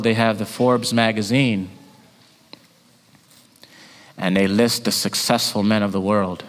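A man of Jamaican heritage preaching a sermon, swinging from loud rising calls to hushed near-whispers. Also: fairly low pitch. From Jamaican family. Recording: long hall reverb.

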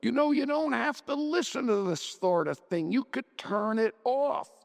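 A man reads aloud as a weary middle-aged husband, exasperated and bitter. The voice is gravelly and unhurried. Long hall reverb surrounds it. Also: very high voice, expressive, voice pushed up, full character voice. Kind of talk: dramatic reading of a short story.

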